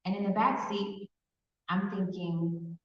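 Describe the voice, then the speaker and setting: A woman from Pasadena, California, giving personal testimony as a survivor speaker in a large hall, telling her story earnestly with hesitant pauses. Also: medium pitch, fairly even intonation. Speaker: survivor speaker at an awareness event. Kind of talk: personal testimony in a public talk. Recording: echoey hall from far off, dull sound.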